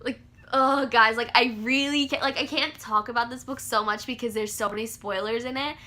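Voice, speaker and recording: A young woman chatting casually about books she read, gushing and excitable with lots of fillers. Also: on the high side, a little fast. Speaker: book vlogger. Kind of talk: casual book review chat.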